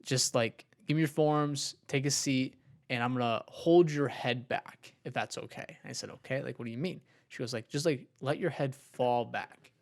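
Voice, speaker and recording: Here a young podcast co-host, mid-range in pitch and moderate in pace, rambles through a lengthy tale in relaxed conversation. Fillers crop up constantly, especially "like."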